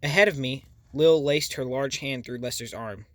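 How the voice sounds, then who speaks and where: Male audiobook narrator, mid pitch, dead-dry booth sound. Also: moderate pace, fairly bright tone, no room sound. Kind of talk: first-person audiobook narration.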